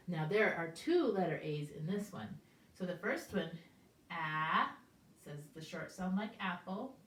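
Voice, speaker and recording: Slow, patient older woman teaching phonics. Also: fairly low pitch, creaky, a little hiss or hum. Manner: patient, sounding out each word and asking gentle questions. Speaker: preschool teacher. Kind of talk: slow, clear phonics lesson for small children. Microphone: camera set up at a distance. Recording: roomy echo, voice from far off.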